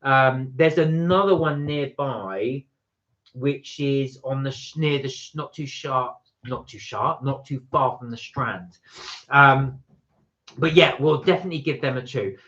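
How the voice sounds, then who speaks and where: A man's voice: medium pitch, unhurried, fairly bright tone. Chatty man on a lo-fi live stream. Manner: chatty, rambling, self-correcting. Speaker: co-host of a live chat stream. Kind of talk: casual live-stream chat, reading out comments. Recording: dull lo-fi live-stream audio.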